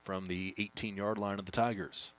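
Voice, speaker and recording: A man with a low voice calls play-by-play at a high school football game. He keeps a steady, even delivery and picks up speed when a big play breaks. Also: moderate pace. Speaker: play-by-play announcer. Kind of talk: play-by-play commentary.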